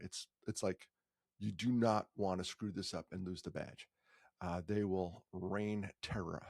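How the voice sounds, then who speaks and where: Gravelly low-voiced man telling a story. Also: dry recording, clean studio sound. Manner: chatty, joking asides, lively stress. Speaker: nonprofit founder telling a personal story. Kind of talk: casual personal storytelling.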